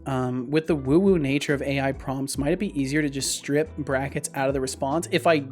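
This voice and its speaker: A man talking casually to his livestream audience, rambling with many restarts. He breaks into loud, excited outbursts, and faint background music runs under his voice. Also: mid-range voice, fairly quick. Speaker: streamer and game developer.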